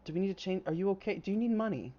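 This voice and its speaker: A man's voice: high-pitched, expressive, very fast, a little hiss or hum, pitched above the performer's own voice. A man voicing an elegant noble mother who fusses over her daughter with mild reproach, on a slightly muffled mic. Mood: worried. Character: elegant, poised middle-aged noble mother.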